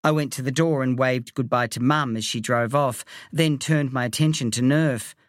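A woman narrating a children's story aloud in a playful, expressive way. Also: very deep voice, moderate pace, no echo, studio quality. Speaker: audiobook reader.

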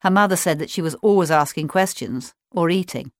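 Low-voiced woman reading a children's story. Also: a little fast, no echo, clean studio sound. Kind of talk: children's story read aloud.

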